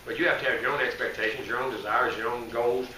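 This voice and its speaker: A man's voice: mid-range voice, steady tone, fast talker, recorded from a distance. A man, a head football coach answering press questions in a rambling, folksy, self-correcting way. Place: media day press room. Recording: echoey room, voice from afar, faint noise.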